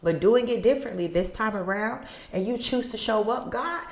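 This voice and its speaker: Female podcast host, earnest motivational delivery, slightly high pitch, recorded at home in a roomy living room. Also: moderate pace. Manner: earnest, preachy, acts out little scenes. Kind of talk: motivational talk. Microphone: studio mic.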